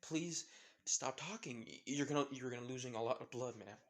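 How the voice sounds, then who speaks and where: A man playing a brave young adventurer woman, talking fast and insistent as she begs someone to stay awake. His own voice stays near its usual pitch, in a fan-made storybook telling. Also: natural voice. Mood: pleading. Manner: urgent pleading, quick and insistent.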